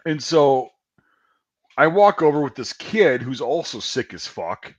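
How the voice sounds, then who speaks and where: A man's voice: medium pitch, very animated, measured pace, dry recording, dull audio. Profane rambling man telling a story. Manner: profane, rambling, self-deprecating. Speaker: podcast host. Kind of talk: casual storytelling.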